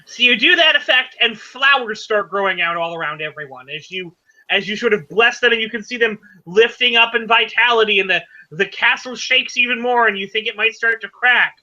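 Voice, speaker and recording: High, bright-voiced game master. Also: male voice, highs cut off. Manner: halting, many fillers and self-corrections. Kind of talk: narrating a tabletop game.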